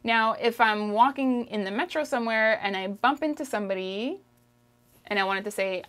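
A woman with a Canadian French accent teaching a French lesson, drawing out phrases slowly for the listener to repeat and checking in with "okay?". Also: a little high, fairly bright tone. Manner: slow, drawn-out pronunciation drills, frequent "okay?" checks. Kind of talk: language lesson, modelling phrases for repetition.

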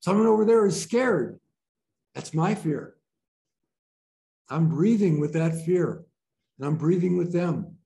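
A man teaching a group about breathwork in a gentle, playful way, often laughing as he talks. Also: fairly high pitch, animated, takes it slowly, gravelly, long pauses. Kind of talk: informal group teaching talk. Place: training room with a group.

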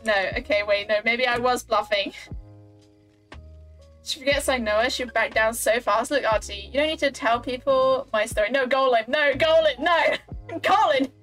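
A woman's voice: fairly high pitch, moderate pace, a bit bright, faint music behind. A woman streamer chatting casually with her viewers while she plays, often giggling and flustered. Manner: giggly, flustered, talks to chat. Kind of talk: casual live-stream chat while gaming.

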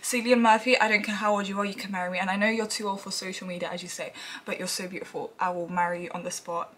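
A woman's voice: medium pitch, level tone, fast talker, a bit bright, slight background noise. A young woman in her twenties vlogging casually, chatty and rambling, often laughing as she talks. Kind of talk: casual vlog chat. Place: around a rehearsal venue and central London.

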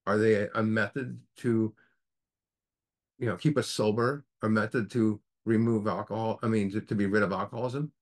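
A man's voice: on the low side, fairly even intonation, moderate pace. A man leading a recovery group study, teaching earnestly in a preacher-like way and asking the group rhetorical questions.

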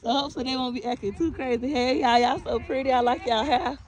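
A woman's voice: high-pitched, fast talker. A woman from Tampa, Florida, chatting casually into a phone camera while walking outdoors past a long gas line, a bit out of breath and greeting passersby. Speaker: vlogger. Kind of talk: casual walking vlog reporting.

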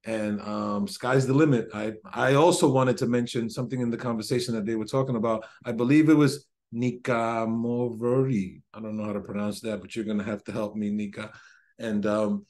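A man talks on a video call in a loose, rambling way. He sounds excited and often stops to correct himself mid-thought. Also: fairly low pitch, a little fast. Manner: rambling and enthusiastic, self-correcting. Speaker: symposium participant. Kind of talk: casual discussion on a video call.

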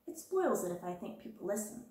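A woman voicing a confident, imaginative schoolgirl who speaks in a lively, confiding way in a storybook reading. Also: medium pitch, fairly quick, heavy reverb, far from the mic, close to an everyday voice. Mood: calm.

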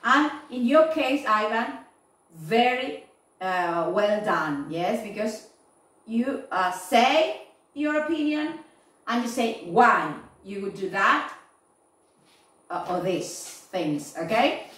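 Woman, English teacher, slow careful feedback, frequent "okay?" checks, roomy echo. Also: on the high side, big pitch swings, fairly bright tone, distant mic. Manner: slow, repeating "yes?" and "okay?" to check understanding. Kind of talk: online class feedback.

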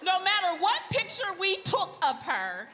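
A woman's voice: extremely high pitch, unhurried, soft background music. A woman speaking at a live event, telling funny family stories to the audience with lots of laughter. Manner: animated, laughing, addresses the crowd. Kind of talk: comic storytelling to a live audience. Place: large event hall. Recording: live hall with long reverb, faint ambience.

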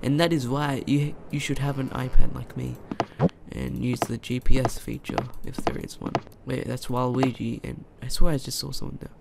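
Excitable young man yelling at a horror game. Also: medium pitch, moderate pace, vocal fry, very noisy. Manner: excitable, talks to the game characters, yells when startled. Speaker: gamer. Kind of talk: let's play commentary.

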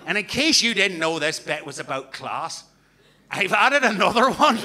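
A man's voice: high-pitched, sing-song, moderate pace, background noise. A man from Canada doing a rambling, sweary, self-mocking live stand-up set on a comedy club stage, recorded on a handheld mic.

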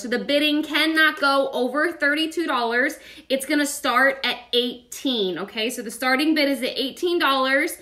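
A woman with a drawl hosts a live online auction, calling out bidders by name in a chatty, playful way. Her voice sits high and comes across bright and sharp, with laughter never far off. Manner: chatty, upbeat, calls out bids by name. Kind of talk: casual live-stream auctioneering.

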